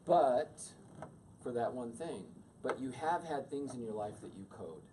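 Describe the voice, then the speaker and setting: Middle-aged male teacher, lively pitch, acts out voices; distant mic, faint room hum. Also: measured pace. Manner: animated, acts out quoted voices. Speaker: teacher leading a class on emotions. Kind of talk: classroom teaching with questions to the audience.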